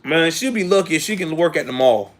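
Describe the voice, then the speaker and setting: A man's voice: on the high side, animated, fairly quick. A man in his late thirties hosting a live commentary show, ranting in casual, slangy talk that rises to indignant outbursts. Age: late 30s.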